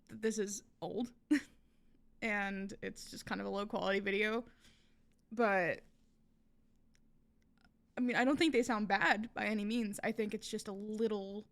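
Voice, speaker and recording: A woman hosting a reaction video, talking casually with lots of fillers and restarts. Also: on the high side. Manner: chatty, many fillers and restarts.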